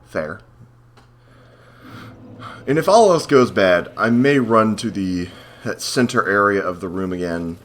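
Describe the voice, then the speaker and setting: A man's voice: lowish voice, lively intonation, measured pace, long pauses. A man commenting casually as he plays a hard video game, rambling, cursing and mocking himself. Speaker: gameplay host. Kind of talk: let's play commentary.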